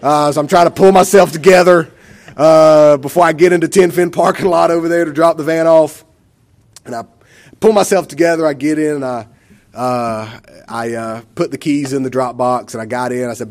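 A man's voice: on the high side, brisk. A man, telling a church testimony in a rambling, emotional way with many fillers. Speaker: church member giving a testimony.

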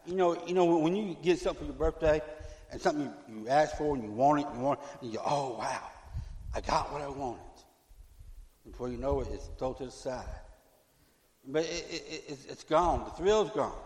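A middle-aged man preaching a fervent sermon as pastor, repeating himself and swinging from loud to hushed. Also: medium pitch, a little fast. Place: church sanctuary. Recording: echoey church hall.

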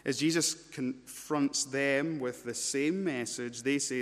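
A man preaching a sermon, emphatic, swinging between loud urgency and low intensity and repeating words as he builds a point. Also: slow pace. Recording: long church-hall reverb.

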